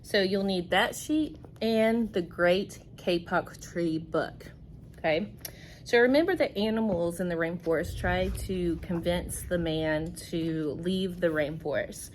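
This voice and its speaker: A woman's voice: lowish voice, takes it slowly, a little hiss or hum. A woman teacher giving a recorded reading lesson, patient and explaining step by step.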